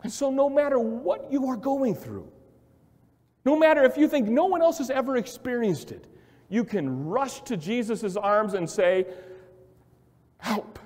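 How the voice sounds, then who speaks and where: High, animated male preacher in a hall. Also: normal speed. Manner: emphatic, repetitive, swells from quiet to loud. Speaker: pastor. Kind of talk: sermon. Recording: long hall reverb.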